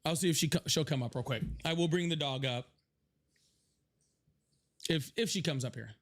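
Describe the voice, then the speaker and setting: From his home office, a young man hosts a casual livestream, chatting with viewers, thanking them by name and swearing freely. His voice is fairly high-pitched, at a normal speed.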